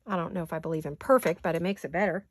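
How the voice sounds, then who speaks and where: A woman craft vlogger in her home studio, her voice raspy from allergies, chatting casually and self-deprecatingly to viewers while she works. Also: lowish voice, very fast.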